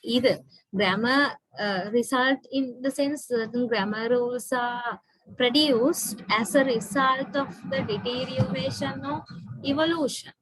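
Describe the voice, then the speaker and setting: A woman's voice: sits high, a little slow, a bit bright, husky, no room sound, low-quality recording. A woman lecturer with a Sri Lankan English accent, patiently explaining in an online class and often checking in with her students.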